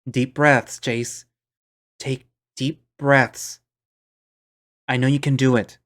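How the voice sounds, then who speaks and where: A man voicing a calm young male friend who coaxes and soothes, in a visual novel. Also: mid-range voice, moderate pace, close to an everyday voice. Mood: soothing. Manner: soothing, coaxing.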